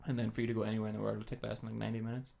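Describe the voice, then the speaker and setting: Gravelly young male podcast co-host, chatty, laughs a lot. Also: lowish voice, little pitch movement, rapid-fire, dark tone, a little hiss or hum. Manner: chatty, laughs often, swears. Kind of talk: casual podcast chat.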